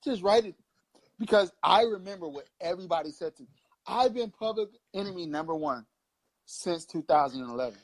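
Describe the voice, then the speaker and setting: A man's voice: high voice, lively intonation, brisk. A man in his thirties from Long Beach, California, co-hosting a casual political chat show with impassioned, profane, rambling preaching. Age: 30s. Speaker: co-host.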